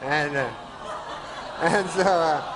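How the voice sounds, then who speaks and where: A man from Canada, a stand-up comedian telling rambling deadpan bits full of "you know" and then chatting as a guest. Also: fairly high pitch, takes it slowly. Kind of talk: stand-up monologue, then interview chat. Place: TV studio with live audience. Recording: TV studio audience laughter and noise.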